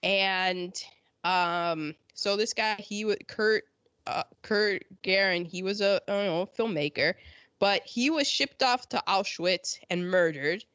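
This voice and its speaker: Taking things slowly, an American woman leads an informal history conversation, poking fun at people through sarcastic quoted impressions. Her voice is medium-pitched and fairly bright, recorded without echo but with a dull, lo-fi quality.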